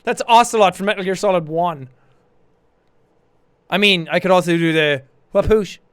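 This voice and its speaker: A man hosting a casual livestream, chatting in a jokey, excitable way, with bursts of shouting and laughter. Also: high-pitched, normal speed, smooth, no echo. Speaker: livestream host. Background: faint background music.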